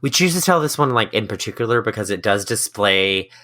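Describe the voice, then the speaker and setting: A man's voice: lowish voice, a little fast. A man co-hosting a history podcast, joking playfully through casual chat. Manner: playful, jokey, lively delivery. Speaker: podcast co-host.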